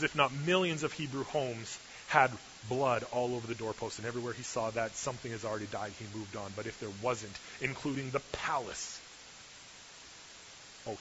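A man preaching an animated sermon, telling the story with acted-out voices and dropping from hushed tones to loud bursts. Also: medium pitch. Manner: lively, acts out voices, shifts from hushed to loud. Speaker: pastor. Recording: dull lo-fi recording with faint hiss.

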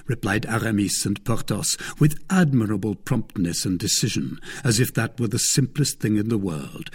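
A man narrating an audiobook with expressive storytelling. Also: on the low side, normal speed, few pauses, breathy edge. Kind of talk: scripted narration.

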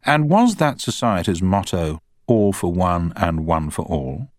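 Man doing a sharp young lawyer, pointed and probing, lively, storybook reading. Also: low-pitched, measured pace, no room sound, studio quality. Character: sharp young male defence barrister.

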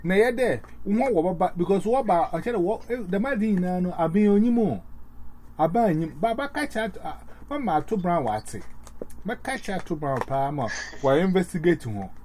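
Man, rambling and halting, animated pitch, mellow tone. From Ghana. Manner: rambling, halting, many fillers and restarts. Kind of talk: casual chat.

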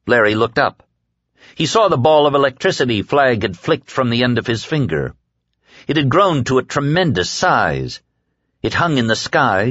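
A man reading an audiobook with deliberate, dramatic storytelling. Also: mid-range voice, fairly bright tone, dry recording, highs cut off. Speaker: audiobook narrator. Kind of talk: scripted narration.

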